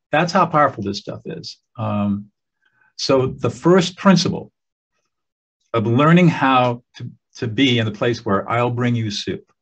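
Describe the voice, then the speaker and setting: Man, low husky voice, lively storyteller who does the quoted voices; muffled lo-fi sound. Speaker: teacher of emotional skills. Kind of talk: storytelling talk.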